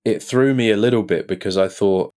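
A man, an actor guest on a podcast in a pub, telling lively anecdotes and acting out what others said. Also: fairly low pitch, a little fast. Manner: lively storyteller who acts out quoted lines.

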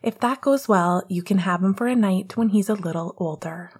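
A woman's voice: medium pitch, moderate pace, a little mellow, husky, natural voice. A woman voicing a sensible young mother in a storybook reading, dry and matter-of-fact.

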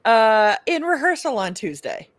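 A woman's voice: fairly high pitch, big pitch swings, measured pace, no room sound. A bubbly woman who laughs often, chatting casually as a podcast host.

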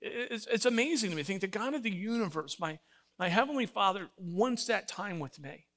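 Older male pastor, animated sermon, bright high voice. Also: brisk. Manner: animated storytelling, acts out voices, emphatic.

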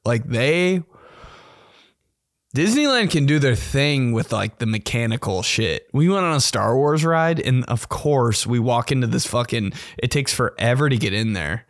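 A man's voice: medium pitch, expressive, unhurried, dry recording, studio quality. A young man hosting a podcast, telling a story in a casual, profane, slangy way and laughing often. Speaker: podcast host.

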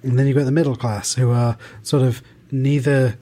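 British podcast co-host, mid-pitch male voice, loose rambling delivery with lots of restarts. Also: fairly even intonation, moderate pace, warm tone. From United Kingdom. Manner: thoughtful, rambling with many restarts and fillers. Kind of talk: casual podcast discussion.

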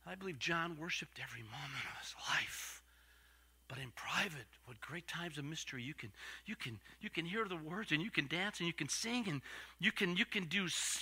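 An older man preaching a storytelling sermon, swinging from loud acted-out voices to hushed asides. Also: fairly high pitch, lively intonation, moderate pace, husky. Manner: dramatic swings from loud to whispered.

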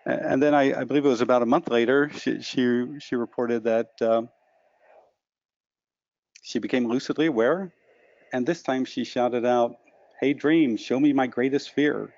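A man's voice: mid-range voice, steady tone, normal speed, pauses often, darkish tone, no room sound, highs cut off. A man being interviewed as an author, telling stories reflectively and often stammering and repeating words. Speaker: interview guest, lucid dreaming author. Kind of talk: reflective storytelling.

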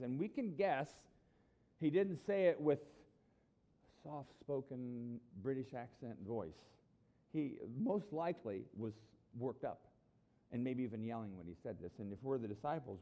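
With a mid-range voice, this middle-aged man delivers a sermon as a pastor, keeping it conversational and lively while performing the voices of those he quotes. The high frequencies are cut off in the recording.

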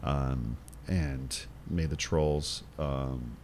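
A man's voice: very deep voice, steady tone, extremely slow, a little mellow, slight background noise. A man co-hosting a podcast, telling rambling stories in casual chat and swearing freely. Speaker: podcast co-host.

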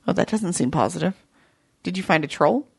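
A woman's voice: lowish voice, lively intonation, a little fast, creaky, breathy edge. A woman co-hosting a casual rewatch commentary, playful and teasing. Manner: playful, teasing, makes silly sounds. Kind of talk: casual chat watching a show.

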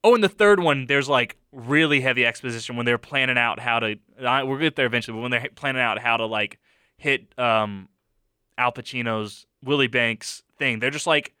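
A man's voice: medium pitch, moderate pace, bright, forceful tone, smooth, no room sound, studio quality. A young man co-hosting a podcast, talking enthusiastically and casually about his favorite movies. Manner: enthusiastic, eager to explain. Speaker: podcast co-host.

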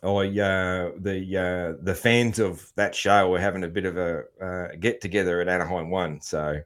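Laid-back Australian man, low voice. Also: fairly even intonation, normal speed, fairly bright tone. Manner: laid-back, lots of fillers and restarts. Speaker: podcast host. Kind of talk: casual chat.

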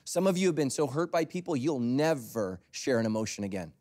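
Male pastor, sermon, lively expressive pitch, loud emphasis then near whispers, storytelling. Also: fairly quick.

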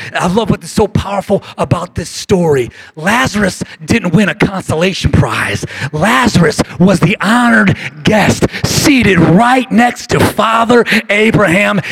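A male pastor preaching a passionate sermon to his congregation, calling for responses and swinging between shouts and hushed lines, his voice going hoarse. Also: high voice, dry recording. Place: church sanctuary.

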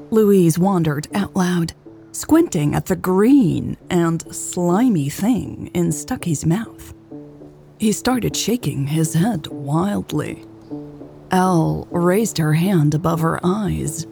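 A woman narrating a romance audiobook in a steady storytelling manner. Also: on the low side, slow, creaky, soft background music.

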